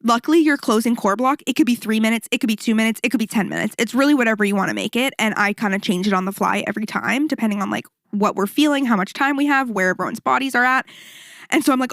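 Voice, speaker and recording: Woman podcaster ranting about her day, swears a lot, kinda high voice, super dry close mic. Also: no echo. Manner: animated, profane, rambling with quick asides. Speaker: podcast host and fitness instructor. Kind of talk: casual solo storytelling.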